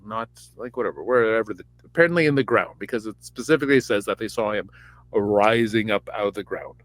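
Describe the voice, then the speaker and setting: A man's voice: on the low side, brisk, no echo. A podcast host, a man, retelling a Bible story in a rambling, irreverent, campy way.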